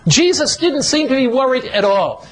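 A man preaching a sermon in a slow, emphatic, repetitive cadence. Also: extremely high pitch, sing-song, a bit bright, low-quality recording.

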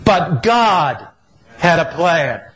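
A middle-aged man preaching a sermon, building points through repetition and emphatic pauses. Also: a little high, big pitch swings, a bit bright, poor audio.

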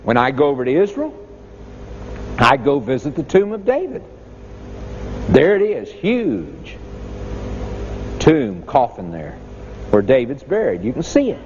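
A man's voice: mid-range voice, huge pitch swings, unhurried, long pauses, darkish tone, a little hiss or hum. A man preaching a sermon in an emphatic, dramatic storytelling way. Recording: long hall reverb, dull lo-fi sound.

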